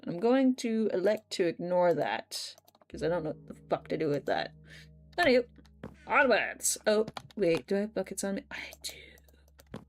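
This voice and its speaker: A woman's voice: very animated, moderate pace, soft background music. A woman chatting casually while livestreaming a video game, swearing freely and reading chat messages aloud. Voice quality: medium-pitched voice she wishes were deeper. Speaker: streamer.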